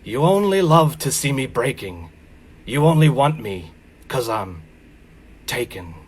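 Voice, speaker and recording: A man doing an impression of a grim action-movie star, reading lyrics slowly as if they were a dramatic speech. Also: mid-range voice, very animated, slightly rough. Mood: grave. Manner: slow, grave dramatic reading. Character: grim, low male action-movie hero.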